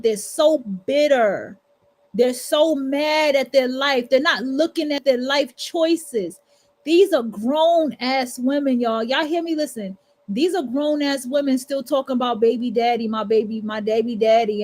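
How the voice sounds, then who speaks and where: A woman talks straight at her listeners in a loose livestream monologue. Her voice sits high, and her delivery is blunt, profane and preachy. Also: darkish tone. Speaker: livestream host. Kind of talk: casual monologue.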